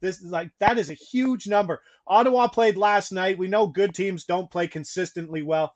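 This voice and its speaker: A man hosting a sports betting show, briskly rattling off stats and odds and laughing mid-sentence. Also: high voice, dull audio. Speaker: host, betting analyst. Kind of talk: casual sports betting chat.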